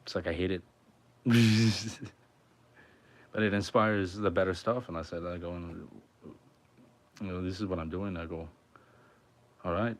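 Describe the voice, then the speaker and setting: A man's voice: sits low, fairly even intonation, measured pace, pauses often. A man musician chatting casually on a livestream from his home, rambling and swearing a lot. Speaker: musician streamer.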